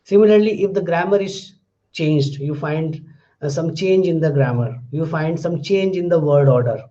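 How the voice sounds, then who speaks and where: A man lectures on phonetics in a high yet mellow voice. He explains patiently, circling back over phrases and examples. The recording is muffled and lo-fi. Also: moderate pace.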